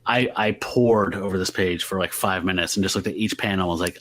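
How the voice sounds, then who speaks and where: A man's voice: low-pitched, brisk, fairly bright tone. A man co-hosting a podcast, talking enthusiastically about comic art in a casual, rambling way with lots of fillers. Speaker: podcast co-host. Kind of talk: casual comic-book discussion.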